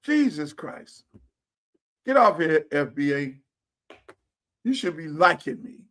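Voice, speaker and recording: Man, high-pitched, blunt profane livestream rant. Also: takes it slowly. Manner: blunt, profane, animated rants. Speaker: host. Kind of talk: casual livestream talk. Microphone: streaming setup.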